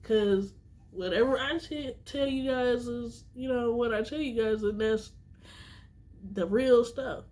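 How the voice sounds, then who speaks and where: A woman's voice: a little high, unhurried, a little mellow. A woman vlogger talking straight to her viewers in a casual monologue, earnest and teary, repeating herself for emphasis.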